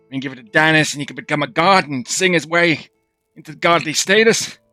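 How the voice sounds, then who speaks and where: A man's voice: a little high, brisk, bright, forceful tone, dry recording, faint music behind. A man playing a tabletop game, talking loosely and casually in character. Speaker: player voicing Withers.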